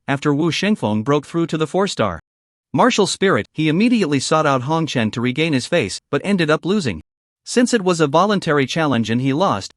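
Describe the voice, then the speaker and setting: A man narrating a scripted story recap in an even storytelling voice, reading all the dialogue himself. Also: a little high, dry recording, studio quality. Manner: even storytelling delivery, reads all dialogue in his own voice.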